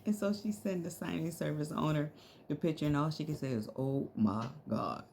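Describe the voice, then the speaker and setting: Gravelly, animated middle-aged woman storyteller. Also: low voice, fast talker, slight background noise. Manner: animated, laughs often, slangy. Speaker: vlogger telling a story. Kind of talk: casual storytelling.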